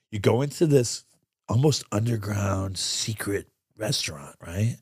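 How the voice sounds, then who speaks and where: A man from upstate New York, co-hosting a casual chat and telling a lively story, acting out other people's lines in a lower voice. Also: slow, husky, no room sound, studio quality. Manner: animated storyteller, acts out quotes in a low voice. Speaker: podcast co-host.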